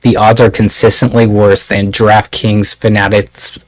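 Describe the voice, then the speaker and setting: Low-voiced man giving betting advice. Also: level tone, a little slow, no room sound, rough recording.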